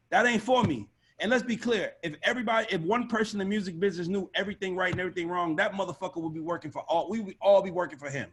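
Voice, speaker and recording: A man speaking on a video call as an A&R panelist, blunt, profane and animated in a casual panel discussion. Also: high voice, husky. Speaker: record label A&R panelist.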